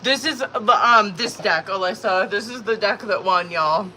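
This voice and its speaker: Woman tarot streamer, crisp bright tone, loose and profane, laughs a lot, talks into a phone. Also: mid-range voice, moderate pace, a little hiss or hum, rough recording. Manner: chatty, profane, laughs often. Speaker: tarot reader hosting a live stream. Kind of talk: casual live-stream chat. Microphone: phone or tablet.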